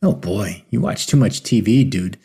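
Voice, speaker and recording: A man's voice: lowish voice, normal speed, warm tone, husky. A man doing a smug, needling schoolteacher. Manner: mocking, smirking delivery. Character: smug, needling male history teacher.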